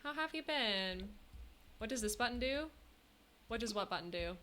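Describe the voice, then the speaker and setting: Bright, bubbly young woman streamer. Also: on the high side, animated, moderate pace. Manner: bubbly, thanks chat often, giggly. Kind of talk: casual live-stream chat.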